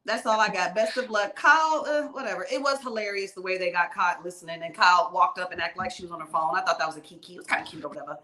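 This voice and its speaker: A woman panelist on a live recap show, talking casually with quick, expressive quips. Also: on the low side. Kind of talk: casual chat.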